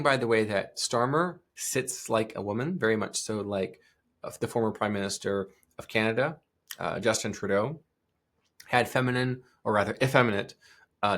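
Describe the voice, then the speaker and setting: A man's voice: on the low side, a bit bright. A male podcast host giving discursive solo commentary, full of asides and restarts.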